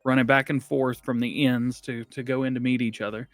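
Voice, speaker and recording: A man's voice: medium pitch, level tone, fairly quick, no echo. A man co-hosting a casual gaming podcast, chatty and rambling, laughing often. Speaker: podcast co-host.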